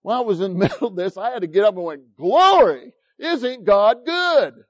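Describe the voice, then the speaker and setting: A man preaching a sermon as pastor, telling stories in an animated, emphatic way. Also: sits high, rapid-fire, dry recording. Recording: dull lo-fi recording, dry.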